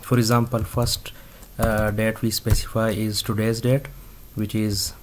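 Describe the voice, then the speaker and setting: Slow, halting man teaching a coding lesson. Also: fairly low pitch, flat delivery, slight background noise. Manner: halting, many fillers and restarts. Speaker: instructor. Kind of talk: screen-recorded coding tutorial.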